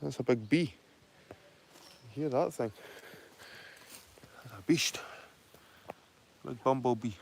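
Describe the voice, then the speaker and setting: A man's voice: medium pitch, takes it slowly, vocal fry, long pauses, a little hiss or hum. Wry Scottish man walking outdoors. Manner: wry, swearing, joking asides. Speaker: vlogger. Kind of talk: casual walking commentary. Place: outdoors in a wooded glen.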